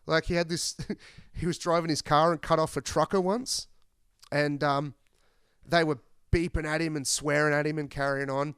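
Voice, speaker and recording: Aussie podcast host swearing his way through a story, smooth voice, dry. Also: fairly high pitch, fairly even intonation, moderate pace, fairly bright tone, dry recording. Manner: rambling, profane, laid-back. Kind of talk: casual storytelling chat.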